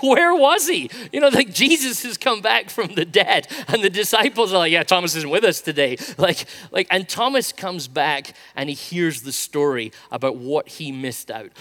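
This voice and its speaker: A middle-aged man preaching a sermon, telling a story with energy and acting out what people said. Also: high-pitched. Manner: storytelling, animated, acts out quotes. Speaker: pastor.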